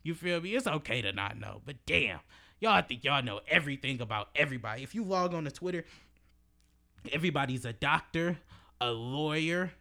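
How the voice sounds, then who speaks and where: A man's voice: fairly high pitch, lively intonation, a little fast, creaky, pushed and bright. A man in his early twenties giving an emphatic, preachy motivational monologue as a podcast host, in casual slang with swearing and repeated phrases. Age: early 20s.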